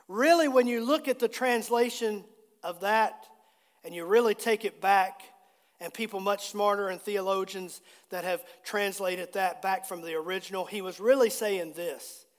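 A man's voice: high voice, normal speed, in a large hall. A man preaching a sermon as pastor in a church, earnest and repeating key phrases for emphasis. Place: church sanctuary.

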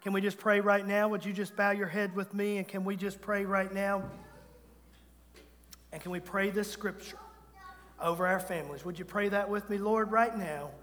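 A male pastor in full flow, his voice sitting unusually high and ringing as he urges his congregation on. He leads them in call-and-response, with a fervent, pleading drive. His words carry a long reverb from a large church sanctuary. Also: fairly even intonation, normal speed, fairly bright tone. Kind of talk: sermon.

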